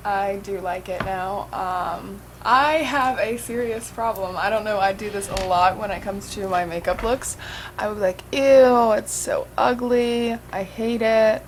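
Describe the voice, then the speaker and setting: A woman's voice: mid-range voice, a little hiss or hum, low-quality recording. A young woman chatting casually through a makeup tutorial, swearing and saying "like" and "um" a lot. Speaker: makeup vlogger.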